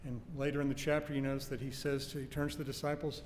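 A man preaching a sermon in an earnest, emphatic way, slowing down to stress key phrases. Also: medium pitch, flat delivery. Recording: faint noise and long hall reverb.

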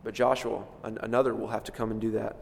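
A man preaching an expository sermon with emphatic delivery, rising for stress and dropping low for quiet points. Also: level tone, fast talker, creaky, a little hiss or hum. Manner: emphatic, swells and drops in loudness for stress. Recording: long reverb of a large hall.

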